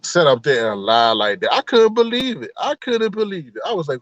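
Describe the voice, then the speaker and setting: A man's voice: fairly high pitch, a little fast, hardly any pauses, no room sound, lo-fi sound. A man hosting a livestream, chatting casually to his viewers about online drama and acting out the exchanges he quotes. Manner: animated storyteller who acts out quoted exchanges. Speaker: livestream host. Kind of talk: casual gossip commentary to a live chat.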